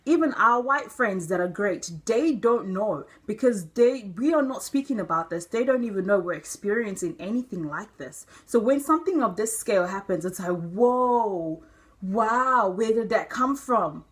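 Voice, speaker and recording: Young woman vlogging, earnest and animated, mid pitch. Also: normal speed. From Nigeria. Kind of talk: personal vlog monologue.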